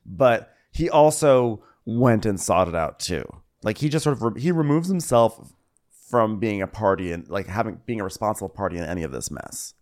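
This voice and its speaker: A man's voice: fairly low pitch, expressive, normal speed, darkish tone. A man co-hosting a podcast who recaps a reality show in indignant, sarcastic casual chat and laughs often. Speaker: podcast co-host.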